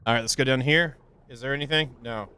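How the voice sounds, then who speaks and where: A young man streaming a game live, rambling casually with stammering restarts and sudden high, excited yelps. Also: fast, clear, resonant tone. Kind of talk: casual live gameplay commentary.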